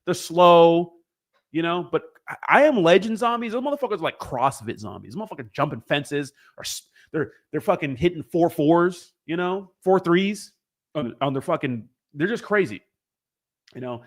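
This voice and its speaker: A man's voice: a little high, lively intonation, normal speed. Young man, livestream host, casual chat, profane, rambling, joking.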